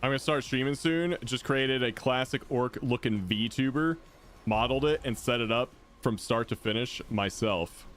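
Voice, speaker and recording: A man's voice: medium pitch, normal speed, a bit bright, slight background noise. A man chatting casually with his viewers while playing a game live, laid-back and reacting as he goes. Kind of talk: casual live-stream chat while gaming.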